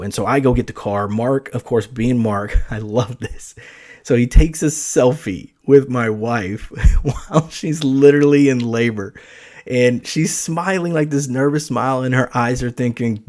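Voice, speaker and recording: A young man with a medium-pitched voice hosts a podcast, telling a story at a normal pace in a casual, animated way. When he acts out quoted lines, his voice takes big jumps.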